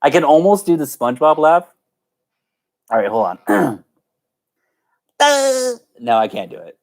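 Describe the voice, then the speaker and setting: A giggly man chats with his viewers on a live stream, his pitch swinging up and down as he talks. He is playful and chatty, and laughs his way through most sentences. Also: expressive, moderate pace, a little mellow. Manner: giggly, keeps breaking into laughter. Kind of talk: casual live-stream chat.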